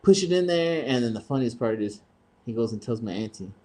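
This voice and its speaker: A man's voice: medium pitch, fairly quick. A man on a casual podcast telling a family story, cursing freely and acting out the voices of his relatives. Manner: profane, animated, slips into voices of relatives. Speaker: podcast co-host.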